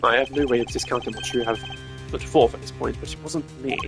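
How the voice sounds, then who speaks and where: Man voicing formal calm prosecutor, measured, game music faint. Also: medium pitch, natural voice. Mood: composed. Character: composed male prosecutor, formal.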